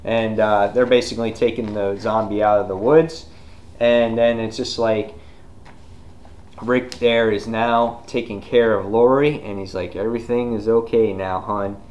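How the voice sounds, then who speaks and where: A man giving a casual, rambling comic book review, full of fillers and retelling scenes with sudden loud outbursts. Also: lowish voice, steady tone, unhurried, muffled recording.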